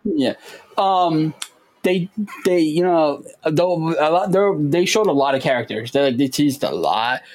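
Male co-host, fairly high voice, animated casual talk, quotes people in high squeaky voices. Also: a little slow, low-quality recording. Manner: animated, jumps into high voices when quoting. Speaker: podcast co-host. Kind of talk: casual chat.

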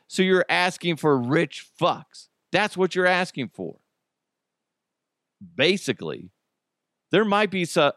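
Male podcast host, casual profane commentary, lively pitch, unhurried, dry sound. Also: dry recording. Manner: profane, blunt, laughing.

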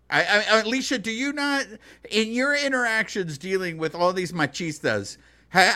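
Casting: lively male sports podcast host, bright and expressive. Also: sits high. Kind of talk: casual chat.

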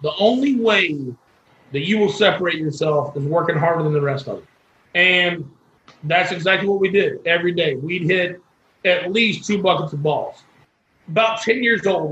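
A man's voice: sits high, pushed and bright, reverberant, lo-fi sound, a little hiss or hum. A man from Florida telling a long personal story as an interview guest, folksy and earnest. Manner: folksy and earnest, with quoted dialogue.

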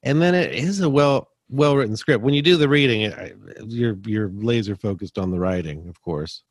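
A man's voice: mid-range voice, no room sound, clean studio sound. A man co-hosting a casual podcast, joking and making playful asides. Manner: playful, jokey, quick asides. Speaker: podcast co-host. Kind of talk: casual chat.

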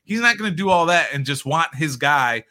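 A man with a bright, forceful voice and a slightly high pitch, talking football on a podcast. He rants with emphasis and keeps circling back to his point. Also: lively intonation, normal speed. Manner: emphatic, ranting, mimics others in quotes. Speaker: podcast co-host. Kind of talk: casual sports chat.

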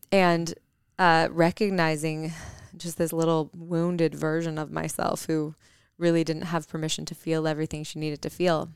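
A woman's voice: low-pitched, level tone, normal speed, gravelly, smooth, no echo, studio quality. A woman in her thirties earnestly telling a personal story on a podcast, reflective, with fillers and restarts. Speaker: podcast co-host.

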